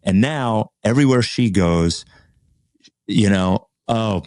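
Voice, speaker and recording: A man's voice: on the low side, unhurried, darkish tone, dry recording. A man co-hosting a casual talk show, telling a story with energy and acting out quoted arguments. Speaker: podcast co-host. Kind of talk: casual conversation.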